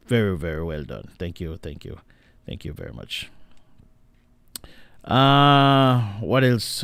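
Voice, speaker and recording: A man's voice: low voice, dry recording. A Jamaican man hosting a casual live radio talk show, chatting, laughing and greeting listeners by name.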